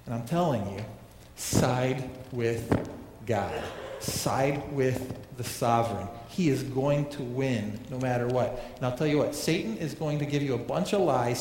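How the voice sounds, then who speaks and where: A man's voice: medium pitch, darkish tone, slight background noise. Emphatic male pastor in an echoey hall. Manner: emphatic, repeats phrases, asks rhetorical questions. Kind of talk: sermon. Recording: echoey hall reverb, faint ambience.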